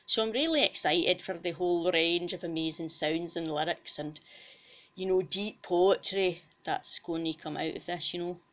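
A woman's voice: on the low side, normal speed, natural voice. A woman voicing a foul-mouthed female cow mascot with a Scottish accent, boisterous and rowdy in a comic puppet interview. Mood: enthusiastic.

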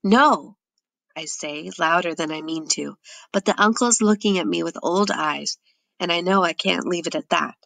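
A woman giving steady, measured first-person audiobook narration. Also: lowish voice, vocal fry, no room sound.

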